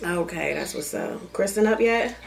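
A woman's voice: on the low side, animated, moderate pace, creaky, slight background noise. A woman hosting a podcast, chatting casually in a frank, profane way, often laughing as she tells stories. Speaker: podcast host. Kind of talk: casual chat.

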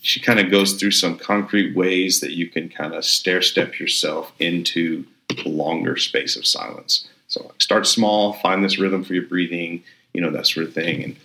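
A very low-voiced man with a bright, forceful edge, chatting casually as a pastor and podcast co-host. He rambles upbeat, restarting his sentences often. The room around him rings with echo. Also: moderate pace. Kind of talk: casual chat. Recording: roomy echo.

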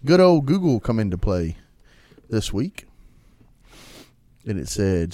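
A man's voice: slow, long pauses. A man co-hosting a casual podcast, teasing his partner in a playful way. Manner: playful, teasing, animated pitch swings. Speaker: podcast co-host.

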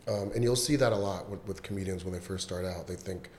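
Brief: man, lowish voice, stand-up comic in relaxed emphatic chat, faint background hum. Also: quick pace, reverberant. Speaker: stand-up comedian. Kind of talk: casual chat.

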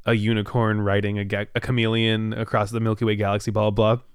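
A man's voice: on the low side, monotone, fast talker, clear, resonant tone, no echo. A young adult man hosting a podcast, chatting in a playful, rambling way and laughing often. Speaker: podcast host. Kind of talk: casual chat.

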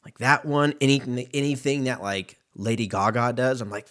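A man's voice: mid-range voice, moderate pace, a bit bright. A man rambling in a casual, profane solo monologue, laughing often and drifting between topics.

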